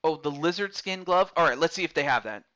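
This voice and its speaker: A chatty man narrates a video game's character creator, reading out options and confirming a viewer's picks. His voice sits a little high and sounds bright. The recording is dull and lo-fi. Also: lively intonation, fast. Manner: chatty, talks through menu choices aloud. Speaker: streamer. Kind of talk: casual game commentary.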